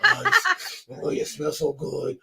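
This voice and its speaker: A man voicing a flirty, smooth-talking male coworker in a put-on Jamaican accent, teasing and sing-song. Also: on the high side, huge pitch swings, unhurried, bright, forceful tone, full character voice. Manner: teasing, sing-song, laughing through lines.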